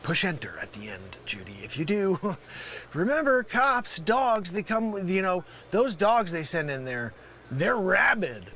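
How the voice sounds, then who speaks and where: A man playing a brash, yelling scam caller. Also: high voice, animated, slow, full character voice. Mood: insulting. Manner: yelling, insulting, swings from loud to mumbled. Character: brash male scam caller posing as Microsoft. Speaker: comedy sketch performer. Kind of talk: improvised comedy sketch.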